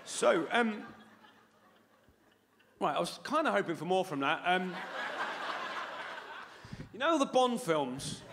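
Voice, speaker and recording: Bright, sweary comedian on stage. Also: male voice, sits high, very animated, takes it slowly, pauses often, a little hiss or hum. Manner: sweary, playful, teasing the crowd. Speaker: stand-up comedian. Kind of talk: live stand-up comedy. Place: large concert hall stage.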